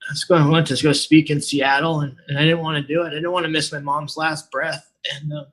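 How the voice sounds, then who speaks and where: Man in his forties, casual personal talk, slightly high voice, loose and rambling delivery. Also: little pitch movement, a little fast, fairly bright tone. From Southern California. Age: 40s. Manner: casual, rambling, many fillers and restarts. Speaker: recovery meeting speaker. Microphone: online meeting.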